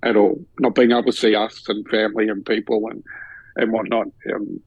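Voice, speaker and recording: A man's voice: fairly low pitch, brisk, slightly rough, dry recording, highs cut off. An Australian man co-hosting a podcast, telling a story in casual chat and acting out the voices of the people in it with laughter. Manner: animated, acts out quoted voices with laughter. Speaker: podcast co-host.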